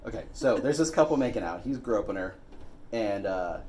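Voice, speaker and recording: Animated man retelling a movie. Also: lowish voice, brisk, a little hiss or hum. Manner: animated storytelling, profane, bursts of laughter. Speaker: podcast co-host. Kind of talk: casual movie-rant chat.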